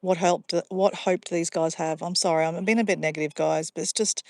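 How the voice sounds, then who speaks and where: A woman's voice: fairly low pitch, fairly even intonation, brisk, few pauses, a little mellow, no echo, clean studio sound. Chatty Australian woman livestreaming outdoors. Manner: chatty, easily sidetracked, addresses viewers as guys. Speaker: livestream vlogger. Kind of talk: casual livestream chat to viewers. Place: outdoors by a pond.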